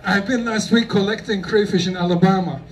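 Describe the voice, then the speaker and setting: A German conference speaker with a German accent addresses a live convention audience in a high-pitched, steady, brisk voice. His talk is joking and rambling, full of playful asides, recorded on a distant mic with faint noise.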